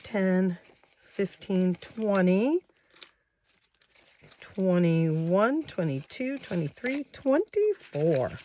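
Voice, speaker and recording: A woman in her sixties chatting casually to her viewers, counting money out loud as she goes. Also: on the low side, slight background noise. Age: 60s. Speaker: savings challenge vlogger.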